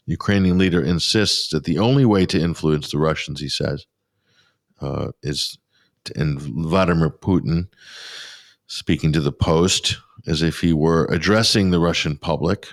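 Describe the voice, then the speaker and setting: Male radio host, very low voice, dry studio sound, sarcastic and scornful commentary. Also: normal speed, no room sound. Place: pop-up studio.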